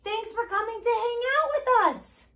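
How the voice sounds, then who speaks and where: A young woman hosting a children's learning show, talking to toddlers in a slow, exaggerated, encouraging way. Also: extremely high pitch, expressive, a bit bright. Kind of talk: sing-song talk to small children.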